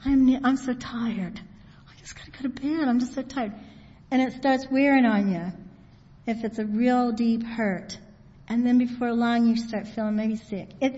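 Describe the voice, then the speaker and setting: Lady preaching plain and folksy, higher voice, dull sound with long hall echo. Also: warm tone. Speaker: Bible teacher. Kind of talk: informal sermon.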